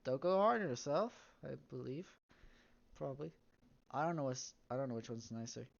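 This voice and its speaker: A woman's voice: rumbling low, lively intonation, moderate pace, gravelly, muffled recording. A woman streaming a story game, reading its text aloud and breaking off into wry comments.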